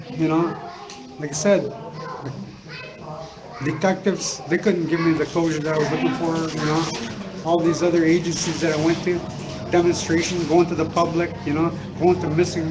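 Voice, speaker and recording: A middle-aged man telling a personal story to listeners, halting and repetitive, circling back on his words with many fillers. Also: on the high side, low-quality recording. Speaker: speaker sharing a personal story. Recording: crowd noise audible behind.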